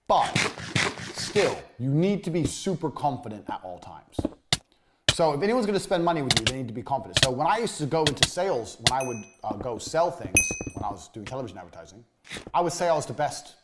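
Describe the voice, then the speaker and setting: A man's voice: medium pitch, big pitch swings, fairly quick. A man teaching a recorded business course in a blunt, emphatic way, swearing freely. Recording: loud background noise.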